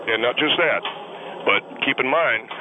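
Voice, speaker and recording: A man's voice: mid-range voice, measured pace, natural voice. A man voicing a defensive, rambling middle-aged male caller who is suing his hygienist, in a comedic radio call-in bit. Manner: defensive, rambling, touchy about being laughed at. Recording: tinny phone line with faint hiss.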